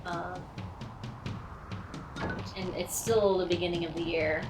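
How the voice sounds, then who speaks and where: A woman's voice: on the low side, steady tone, slow, recorded from a distance, music in the background. A woman chatting casually on a live stream, playful and talkative, cracking jokes and puns.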